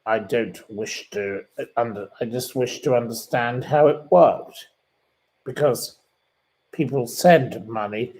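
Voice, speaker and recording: Male livestream host, unhurried delivery, easily offended, repeats himself. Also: mid-range voice, a little mellow, low-quality recording. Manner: indignant and plummy, repeats himself. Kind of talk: casual live chat reading viewer comments. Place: sitting room.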